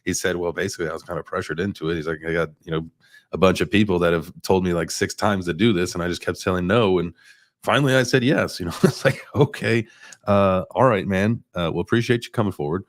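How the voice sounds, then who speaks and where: A man's voice: deep voice, quick pace. A man in easygoing, musing podcast chat. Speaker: co-host.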